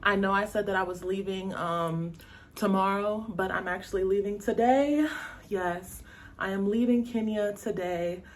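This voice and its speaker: A woman's voice: medium pitch, measured pace. A woman from the United States talking casually to her viewers in a travel vlog, laughing often and using slang. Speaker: travel vlogger.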